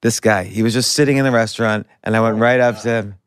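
A man's voice: lowish voice, fairly even intonation, quick pace, clean tone, dry recording. A middle-aged man hosting a podcast, telling a story in a rambling, self-correcting way. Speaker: podcast host. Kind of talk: casual conversational interview.

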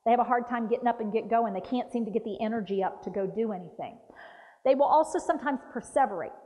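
A woman dementia care trainer giving a lively talk, acting out patient voices. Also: on the high side, fast. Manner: animated, acts out patient voices. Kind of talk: lively training talk with role-play demonstrations. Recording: dull roomy hall recording.

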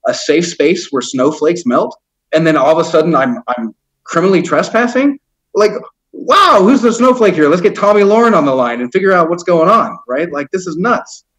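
A man's voice: a little high, expressive, normal speed, a bit bright, rough recording. A man as an interview guest, telling his story in a heated, rambling way, swearing often and stumbling over fillers. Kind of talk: casual storytelling.

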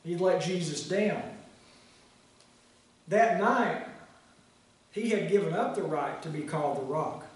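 A man preaching a sermon and reading scripture aloud as pastor, in a slow, measured way with pauses. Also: on the high side. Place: church sanctuary. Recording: echoey sanctuary, mic set far off.

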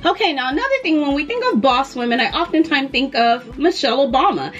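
A chatty woman vlogger talks straight to her viewers in a relaxed, friendly way. Her voice sits a little high for a woman. Soft music plays quietly under her talk. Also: fast talker, dull audio. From United States. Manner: chatty and warm, addresses viewers as "you guys". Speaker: beauty and fragrance vlogger. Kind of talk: casual vlog talk to camera.

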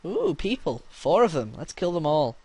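Young male gameplay commentator, crude and loud, shouts battle cries. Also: on the high side, sing-song, moderate pace, slightly rough, dry recording.

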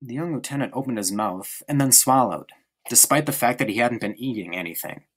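A man narrating a novel chapter aloud with expressive, carefully paced emphasis. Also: medium pitch, husky. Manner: expressive, varied reading with slowed emphasis. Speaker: audiobook reader. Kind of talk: storybook narration.

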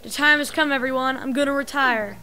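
A sentimental old mob boss, as a woman puts him on for a game, talking in a gruff tough-guy drawl that drops its words. His voice sits fairly high for a man, with soft game music playing behind. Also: fairly quick. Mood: firm.

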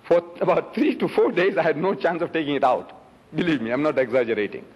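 A man's voice: fairly high pitch, fast talker, a little mellow, husky, muffled recording. An older man from South Africa giving an emphatic public lecture, asking rhetorical questions and holding up items to show the audience. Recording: reverberant lecture hall.

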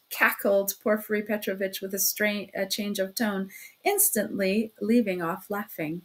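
A woman's voice: mid-range voice, steady tone, measured pace. A woman reading a classic novel aloud as an audiobook narrator, steadily, with the odd self-correction.

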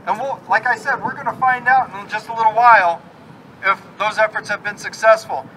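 A man's voice: high-pitched, fairly even intonation, fairly quick, bright, forceful tone, far from the mic, a little hiss or hum, low-quality recording. A man, a state legislator, giving an earnest, emphatic rally speech outdoors while upset and frazzled.

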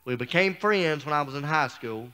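A man's voice: fairly high pitch, animated, moderate pace, bright, forceful tone, clear, resonant tone. A man speaking as a guest preacher, telling a personal story in a folksy, down-home sermon style.

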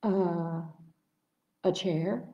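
A woman's voice: medium pitch, very animated, moderate pace, lo-fi sound, natural voice. Woman voicing a nervous, wry turkey. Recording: roomy echoey room.

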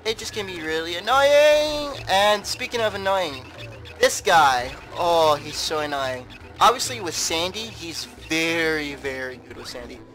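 A man's voice: fairly high pitch, lively intonation, unhurried, a bit bright, soft background music, rough recording. A man giving casual, rambling commentary over a game playthrough, often repeating words. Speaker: gameplay commentator. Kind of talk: casual let's play commentary.

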